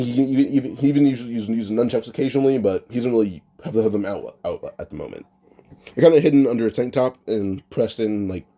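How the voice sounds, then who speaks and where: A man's voice: mid-range voice, dark tone. A man casually retelling an imagined anime storyline off the cuff, rambling with frequent restarts and filler words.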